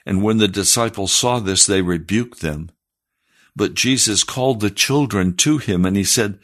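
Husky-voiced man preaching. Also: lowish voice, moderate pace. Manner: earnest preaching, rising to fervent emphasis. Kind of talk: sermon.

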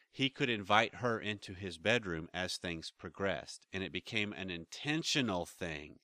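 Bright-voiced man rambling on a podcast. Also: lowish voice, dry recording, clean studio sound. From United States. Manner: rambling, restarts and trails off. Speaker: podcast co-host, relationship counselor. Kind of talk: casual chat.

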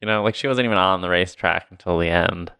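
Gravelly low-voiced man recapping a movie. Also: fast, pushed and bright, no echo. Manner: sarcastic, rambling, laughs often. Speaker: podcast co-host. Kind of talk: casual chat recapping a movie.

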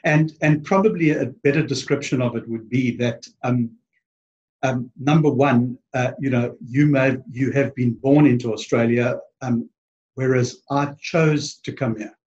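A man's voice: medium pitch, measured pace, a little mellow. South african guy chatting as a guest, lots of ums, kinda dull lo-fi sound. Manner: hesitant, many ums and restarts. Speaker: podcast guest. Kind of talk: casual interview chat.

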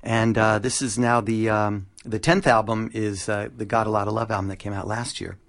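Low-voiced friendly male radio guest. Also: steady tone, moderate pace. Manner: friendly, rambling, many uh fillers. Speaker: guest children's musician. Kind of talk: casual radio interview.

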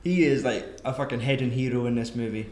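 A man's voice: medium pitch, fast, a little mellow, reverberant. Sweary man reviewing a film. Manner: sweary, rambling, joking. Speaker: podcast co-host. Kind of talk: casual movie review chat.

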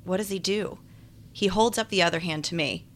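A woman's voice: lowish voice, a little fast. A woman giving wry, chatty first-person audiobook narration. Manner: wry, chatty, self-deprecating.

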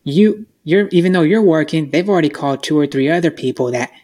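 A man's voice: fairly high pitch, quick pace, mellow. A man co-hosting a podcast who agrees with his partner and adds follow-up points in casual talk. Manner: agreeable, chimes in with follow-up points, some restarts. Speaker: podcast co-host.

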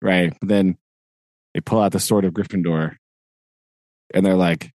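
A man in a casual podcast chat, animated and quick to laugh. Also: sits low, no room sound.

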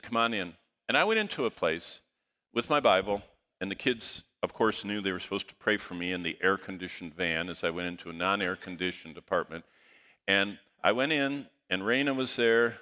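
A middle-aged man preaching a sermon, telling a personal story with lively quoted dialogue. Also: low-pitched. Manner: animated anecdote, quotes dialogue in lively voices. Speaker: pastor.

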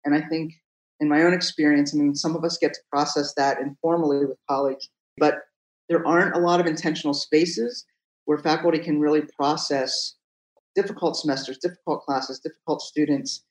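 A man's voice: fairly high pitch, fairly even intonation, brisk. Reflective man in a roomy space. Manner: thoughtful, reflective explaining. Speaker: podcast guest, college teacher. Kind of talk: conversational interview.

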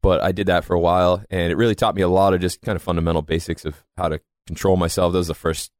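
A man's voice: deep voice, level tone, fast talker, dry recording, studio quality. A young man from north of Boston with a faded Boston accent, a podcast guest telling stories in casual chat and laughing often. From just north of Boston. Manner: laughs often, rambling storytelling.

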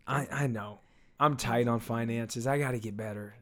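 A man's voice: medium pitch, moderate pace, a bit bright. A young man co-hosting a casual chat, dry and teasing, playing mock-defensive. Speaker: podcast co-host.

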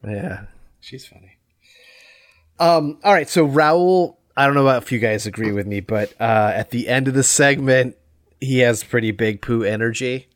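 Easygoing guy musing on a podcast, average pitch, dry sound. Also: a little slow, no echo. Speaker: podcast co-host. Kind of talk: casual podcast chat.

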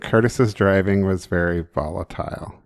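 A man's voice: low voice, normal speed. A man co-hosting a podcast, telling puns and teasing his partner in casual, wry banter. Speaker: podcast co-host.

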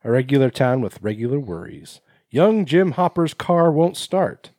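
Guy podcast host reading news out loud, trips over words, swears, laughs a lot, lively pitch, dry close mic. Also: moderate pace, no room sound. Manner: laughing, profane, stumbles while reading. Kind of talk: casual chat, reading news aloud.

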